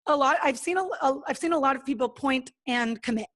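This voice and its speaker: A woman's voice: high voice, brisk, a bit bright. A woman talking as a podcast guest in a casual, earnest and motivational way, acting out her own thoughts and what others said. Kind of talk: casual interview talk.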